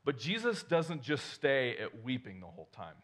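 A man's voice: medium pitch, very animated, moderate pace, fairly bright tone. Man, pastor, sermon, conversational, rhetorical questions, self-correcting.

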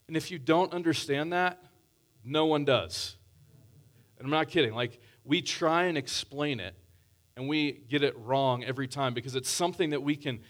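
A man preaches a sermon in an earnest, conversational way. He reads scripture aloud and explains it in plain words. His voice sits at an ordinary middle pitch. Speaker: pastor.

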